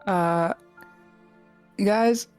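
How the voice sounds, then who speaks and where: A young woman co-streaming, chatting casually in a relaxed, rambling way with hesitant restarts. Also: mid-range voice, very slow, clean tone, faint music behind. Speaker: co-streamer guest. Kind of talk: casual livestream chat.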